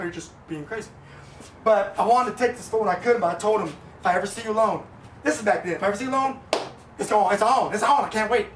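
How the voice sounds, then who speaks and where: A man's voice: very high voice, fairly bright tone, slight background noise. A young man who is a comedian, telling stories in a casual, rambling and blunt way, with crude words and frequent check-ins. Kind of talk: casual comic storytelling. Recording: roomy echo, mic at a distance, faint ambience.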